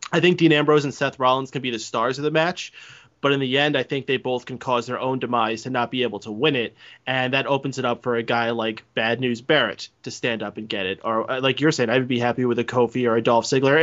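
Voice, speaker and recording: Dude calmly arguing his wrestling takes, mid voice, dull call sound. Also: mid-range voice, quick pace. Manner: steady, reasoned, opinionated. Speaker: podcast co-host. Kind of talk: casual wrestling analysis chat.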